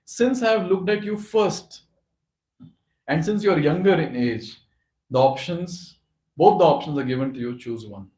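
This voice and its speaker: A man's voice: a little high, lively intonation, normal speed, darkish tone, lightly acted. A man voicing a divine male lord who teases and scolds playfully in a retold epic story, in an echoey room. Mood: kind. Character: divine male cowherd lord, gently teasing.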